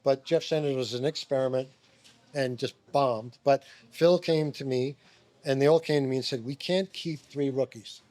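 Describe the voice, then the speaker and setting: A middle-aged man from Long Island, a former basketball player, telling animated stories as a guest, swearing and acting out quotes. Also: mid-range voice, moderate pace, dry recording. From Long Island, New York. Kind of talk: animated storytelling. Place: restaurant.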